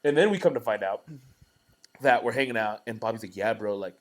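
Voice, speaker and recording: A man's voice: lowish voice, a little fast. A young man co-hosting a podcast, telling rowdy stories in casual, profane chat and acting out his friends' lines. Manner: animated, profane, acts out friends' lines in louder voices. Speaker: podcast co-host.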